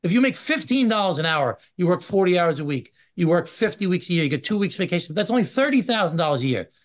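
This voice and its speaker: A middle-aged man argues his case on a radio interview, forceful and emphatic. His voice sits a bit high for a man. The recording is dull and lo-fi. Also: very animated, quick pace. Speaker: congressman guest.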